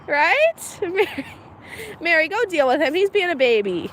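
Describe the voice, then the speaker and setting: A homestead mom livestreams casually from her farm in a high, sing-song voice, speaking slowly with frequent pauses as she giggles and chats with her animals. There's a little hiss or hum in the audio.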